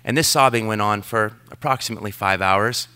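A middle-aged male pastor delivers a sermon in a bright, crisp, clear voice. He is earnest and tells personal stories with self-deprecating asides. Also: fairly low pitch, a little fast.

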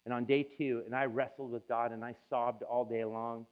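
Through tinny, phone-like sound, a man in a pastor's role recounts his personal story as a sermon testimony, his tone emotional and confessional. He has a mid-range voice, delivered flatly at normal speed.

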